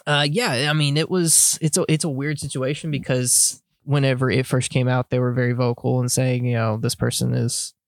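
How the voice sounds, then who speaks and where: Guy co-hosting, lots of ums and uhs, middle pitch, dry mic. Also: little pitch movement, moderate pace, few pauses, no room sound. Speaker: podcast co-host. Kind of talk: casual chat.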